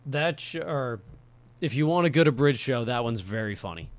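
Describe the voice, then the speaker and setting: A man's voice: medium pitch, lively intonation, moderate pace, no room sound. A man talking loosely as a podcast co-host, his voice sitting in a middle register. He rambles, stacks up fillers and laughs often. The sound is dry and close, with little room around it. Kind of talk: casual chat.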